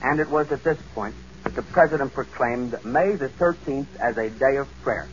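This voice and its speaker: Male radio correspondent, formal and measured, muffled old broadcast sound. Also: medium pitch, slight background noise. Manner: formal, measured reporting with occasional slips. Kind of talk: 1940s live radio news report.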